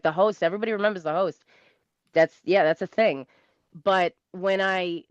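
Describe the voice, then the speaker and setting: Animated South Shore Massachusetts woman. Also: lowish voice, no room sound. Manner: animated, rambling, laughs often. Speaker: comedian guest. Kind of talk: casual storytelling interview. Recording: dull lo-fi dry sound.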